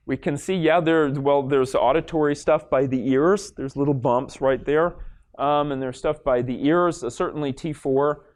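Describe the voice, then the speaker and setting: A man's voice: fairly high pitch, fairly even intonation, normal speed, a little mellow. La guy rambling thru a stage talk, lots of likes and ums, restarts a bunch. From Los Angeles, USA. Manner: casual, rambling, heavy with fillers and restarts. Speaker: lecturer demonstrating a brain scan. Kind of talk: live stage presentation. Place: stage in front of an audience.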